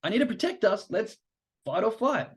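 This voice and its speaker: A man acting out a personified brain alarm, pitched up above his usual talk and pushing harder. It is urgent and commanding, a panicky inner voice that takes charge to protect the body. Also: very animated, moderate pace, creaky, breathy edge, exaggerated voice.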